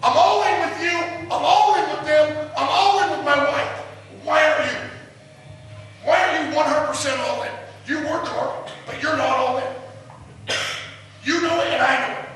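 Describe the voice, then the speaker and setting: Middle-aged man, football coach firing questions at his team; high, sharp voice in a roomy hall far from the mic. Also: normal speed, pauses often, noisy background. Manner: intense, preaching, repeated challenging questions. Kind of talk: motivational team speech. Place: large echoey room with the team. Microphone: far camera. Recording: echoey hall recorded from far off.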